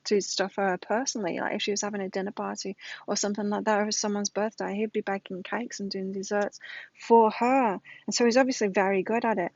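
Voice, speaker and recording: A woman's voice: medium pitch, no room sound, lo-fi sound. A middle-aged woman giving a casual weekly tarot reading, emphatic, repeating her points and telling stories to make them. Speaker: tarot reader.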